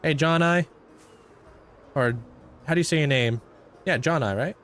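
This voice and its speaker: A man's voice: on the high side, measured pace, fairly bright tone. A young man livestreaming a game, chatting casually and greeting viewers by name. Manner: laid-back, thanks and greets viewers by name. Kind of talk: casual chat with live viewers while playing.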